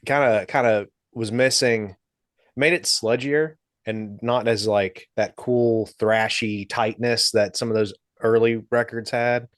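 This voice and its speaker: A man hosting a video call chat about guitar rigs, relaxed and laid-back, with casual swearing. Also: medium pitch, a little slow, no echo, clean studio sound. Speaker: host.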